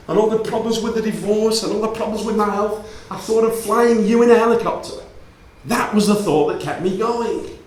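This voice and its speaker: Man, high voice, animated storyteller, playful, speaking to an audience, echoey hall. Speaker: speaker giving a talk. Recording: roomy hall reverb.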